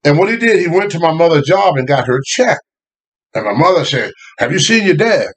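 An older man with a drawl tells a tale from his childhood. His voice sits a bit high for a man, and he talks in animated bursts. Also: brisk, breathy edge. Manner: animated, laughing, rising to shouts at the climax. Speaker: storyteller guest. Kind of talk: casual storytelling.

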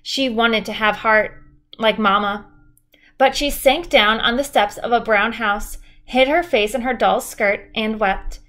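A woman teacher reading a children's chapter book aloud in a steady, clear storytelling manner. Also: a little high, measured pace.

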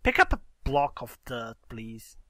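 A man's voice: mid-range voice, huge pitch swings, unhurried, fairly bright tone, no echo, studio quality. A man hosting a casual let's-play, explaining game mechanics and exclaiming in exasperation as he plays with a friend. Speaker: gaming channel host.

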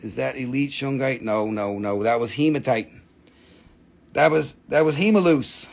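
A man's voice: medium pitch, normal speed, gravelly. A man hosting a live online sale, chatting casually in a playful, goofy, joking way. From Appalachian region of the United States. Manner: playful, goofy, jokey wordplay. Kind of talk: casual live auction chat.

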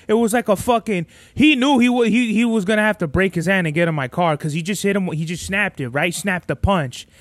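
High-voiced man telling a profane street story. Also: fairly bright tone, no echo. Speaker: podcast host. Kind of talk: casual solo podcast storytelling.

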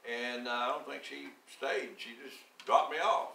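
A man in his seventies preaching a sermon, telling his story slowly and deliberately, then building to emphatic, rising declarations. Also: mid-range voice, creaky, bright, forceful tone, echoey room, distant mic. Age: 70s. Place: church sanctuary.

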